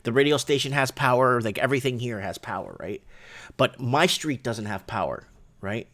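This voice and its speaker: A man hosting a casual livestream from his shop, rambling and excitable, often restarting and asking "right?". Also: mid-range voice, normal speed. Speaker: livestream show host.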